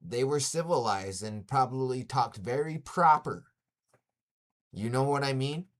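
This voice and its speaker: Blunt, profane man ranting to his live chat at a middle pitch. He keeps tacking "yo" onto his sentences and says things twice to drive them home. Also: lively intonation, unhurried. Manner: repeats himself for emphasis. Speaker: livestreamer. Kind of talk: casual rant to live chat.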